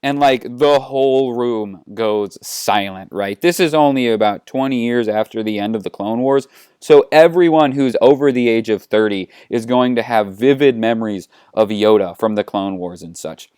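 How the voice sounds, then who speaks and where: A man's voice: mid-range voice, moderate pace, a little mellow, clean tone, dry recording, clean studio sound. A man hosting a comedy video, retelling a story in a casual, joking way.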